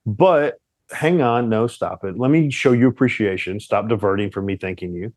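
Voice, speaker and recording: A young man co-hosting a casual relationship chat with his partner, teasing and animated as he tells stories. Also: on the low side, normal speed, no echo. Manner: playful, teasing, animated storyteller. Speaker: podcast co-host.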